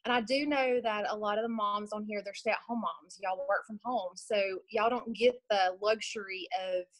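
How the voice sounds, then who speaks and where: A woman's voice: mid-range voice, steady tone, normal speed, no room sound, rough recording. Chatty woman on a team call. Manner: chatty and upbeat, with many fillers and restarts. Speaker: nail product seller sharing tips on a team call. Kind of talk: casual unscripted talk on a group call. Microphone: video call.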